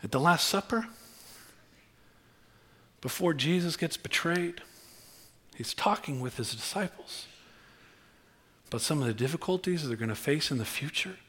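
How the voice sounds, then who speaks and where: A man preaching a sermon, swinging from low, intimate tones to high, excited outbursts. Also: normal speed, pauses often, slightly rough. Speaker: pastor.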